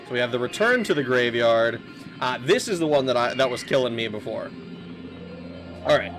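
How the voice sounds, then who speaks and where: A man gives loose, casual commentary while playing a video game, cracking jokes and laughing along with his chat. His voice sits at a middle pitch, and the game's music runs clearly underneath. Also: expressive, brisk. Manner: joking, chatty, laughs often. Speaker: streamer.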